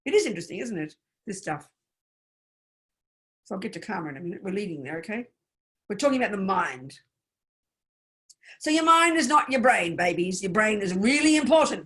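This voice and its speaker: Emphatic woman giving a Buddhist teaching. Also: medium pitch. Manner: emphatic and animated, with blunt, colloquial asides. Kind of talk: informal workshop teaching.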